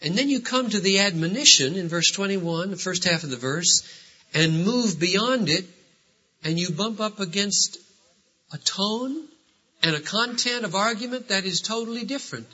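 A man preaching a sermon, emphatic and full of rhetorical questions, with sudden swings between loud and quiet. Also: high voice, lively intonation, husky. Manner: rhetorical questions, drawn-out phrases. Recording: dull lo-fi sermon recording.

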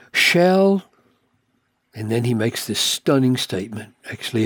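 A man preaching a sermon, asking rhetorical questions and growing emphatic as his pitch climbs high. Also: husky, dry recording, studio quality.

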